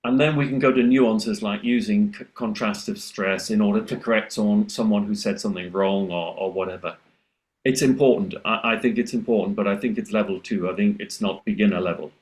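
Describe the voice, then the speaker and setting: A man with a lowish voice talks through pronunciation teaching on a video call. He explains in a steady way and jumps up in pitch to act out his students. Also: brisk. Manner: lively, acts out students' voices in a higher pitch. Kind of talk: explanatory webinar discussion.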